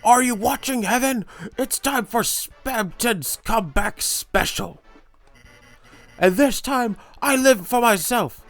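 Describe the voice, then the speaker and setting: A man voicing a scheming, grandiose male puppet salesman with pushy, excitable patter. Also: very high voice, slow, soft background music, voice pushed up, exaggerated voice. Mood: elated.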